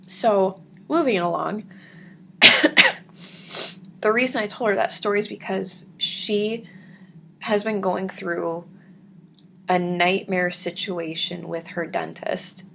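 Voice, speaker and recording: A young adult woman vlogger telling a personal story to camera in an earnest, emotional, soft-spoken way. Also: mid-range voice, gravelly, slight background noise.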